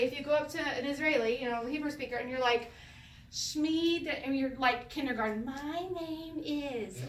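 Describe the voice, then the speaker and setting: An older woman teaching a casual Hebrew lesson to a group, chatty and quick to laugh. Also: high voice, distant mic, a little hiss or hum. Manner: chatty, laughs often, acts out phrases. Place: room with a group of learners. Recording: echoey room recorded from afar.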